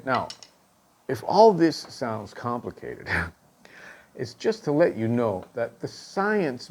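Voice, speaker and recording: A male drum instructor explaining stick technique, counting and calling out stickings and checking in with "okay?" after each point. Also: mid-range voice. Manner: counts and calls out stickings aloud.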